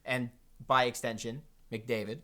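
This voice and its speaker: A man's voice: mid-range voice, little pitch movement, unhurried, sharp tone. A man co-hosting a podcast, chatting casually about sports in a joking, teasing way. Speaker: podcast co-host.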